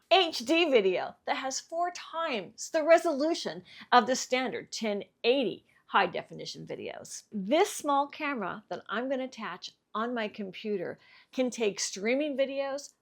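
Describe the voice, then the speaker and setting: A woman's voice: on the high side, animated, normal speed, gravelly, no room sound, studio quality. A woman demonstrating a webcam in an upbeat, enthusiastic way, recorded outdoors in a garden through a webcam mic on a computer. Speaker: product reviewer. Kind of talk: product demo.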